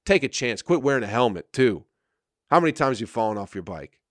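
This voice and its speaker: A man's voice: mid-range voice, big pitch swings, brisk, no room sound, clean studio sound. A man hosting a podcast, ranting with crude, mocking swearing. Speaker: podcast host. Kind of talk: profane comedic rant.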